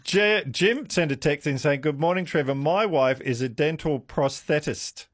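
A man's voice: fairly high pitch, moderate pace, no echo, studio quality. A man hosting a radio show, conversational as he reads out listener texts. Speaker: radio host. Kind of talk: casual radio chat. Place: radio studio.

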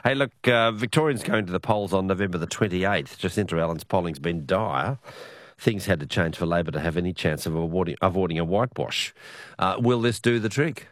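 A hoarse man hosting an evening radio news program, talking with frequent restarts. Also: sits low, dry recording, studio quality. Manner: halting, many restarts.

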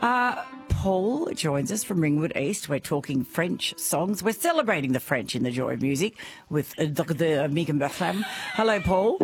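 A woman's voice: sits low, very animated, normal speed, soft background music. A woman hosting a radio talkback show, chatting playfully and laughing often with a caller. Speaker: radio host.

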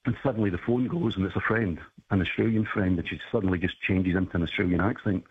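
A man calling in to a radio show, reminiscing casually with a husky voice and frequent hesitations. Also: sits low, fairly even intonation, quick pace, no echo. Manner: reminiscing, hesitant with many ums. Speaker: caller. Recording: tinny phone line.

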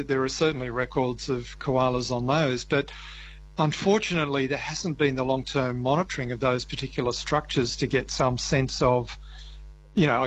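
A man's voice: mid-range voice, poor audio. Hesitant man with faint hum. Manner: measured, hesitant, many restarts. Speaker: wildlife ecologist. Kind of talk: radio interview explanation.

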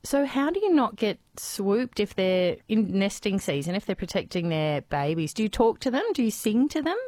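A woman hosting a casual talkback radio show, bubbly and quick with questions. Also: mid-range voice, sing-song, a little mellow, no echo, clean studio sound. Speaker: radio host. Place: radio studio.

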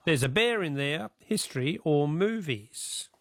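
Gravelly-voiced Australian radio quiz host. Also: male voice, on the high side, lively intonation, a little slow, a bit bright, dry recording, clean studio sound. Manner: chatty, reads listener names and answers.

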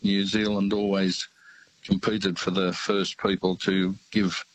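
An older Australian man calling in to a radio show, telling stories in a halting, rambling way with plenty of fillers. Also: sits low, little pitch movement, dry recording, poor audio. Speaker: radio caller. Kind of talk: casual phone-in chat.

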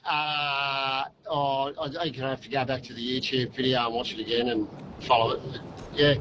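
A man's voice: mid-range voice, level tone, normal speed, highs cut off, noisy background. Laid-back man calling in. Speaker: radio caller.

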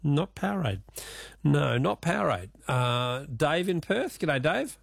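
A man's voice: a little high, big pitch swings, measured pace, vocal fry, no room sound, studio quality. A man with an Australian accent hosting a casual radio quiz, joking and laughing with callers. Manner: jokey, laughs often, teasing callers.

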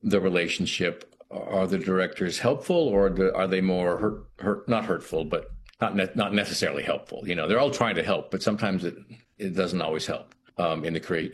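A middle-aged man with a very low voice, talking slowly and reflectively as an interview guest. He stops and restarts his phrases often, leaning on "you know" while he searches for the word. A faint background hum sits behind him. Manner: thoughtful, halting, many restarts and "you know".

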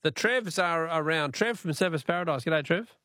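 A man's voice: a little high, lively intonation, moderate pace, bright, forceful tone, no echo. A man with an Australian accent hosting a radio call-in quiz, jovial and bantering, laughing often with callers.

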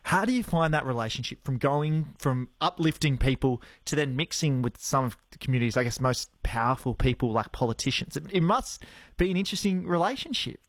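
Radio host dude, dry close mic, friendly questions. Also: male voice, medium pitch, animated, brisk, no room sound. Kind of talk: radio interview.

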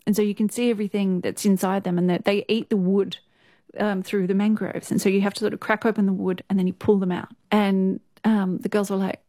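A woman's voice: mid-range voice, level tone, fairly quick, dark tone, no echo, studio quality. A young Australian woman, a news presenter, telling stories casually in an interview, chatty, with many fillers and frequent laughs.

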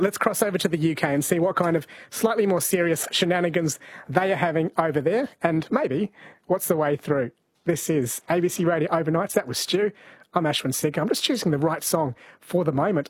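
Male radio host, a bit higher-pitched, husky, dry close mic, teasing banter. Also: fairly quick, dry recording. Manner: easygoing, teasing. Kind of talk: casual radio chat.

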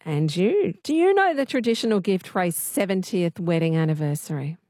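A woman hosting a radio quiz, chatty and quick to laugh. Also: on the low side, animated, dark tone, no room sound. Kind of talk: casual talkback radio chat.

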